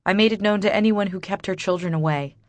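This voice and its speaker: A woman's voice: mid-range voice, fast, no room sound. A woman narrating a first-person romance audiobook in a bitter, wry inner-monologue manner.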